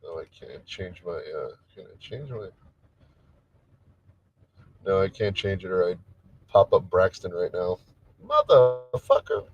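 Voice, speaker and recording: A man's voice: low voice, measured pace, long pauses, a little mellow, lo-fi sound. A man hosting a casual solo livestream, chatting in a rambling way with lots of restarts and trailing thoughts. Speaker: livestream host. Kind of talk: casual solo stream chat.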